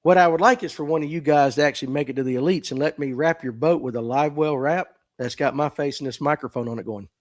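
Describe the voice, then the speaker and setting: A man with a Southern US accent, chatting and joking through a fishing livestream. His voice sits a bit high for a man, and he answers viewer comments in a folksy, self-mocking way. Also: fast talker, hardly any pauses. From Southern United States. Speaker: livestream podcast host. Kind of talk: casual livestream chat reading viewer comments. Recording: phone mic.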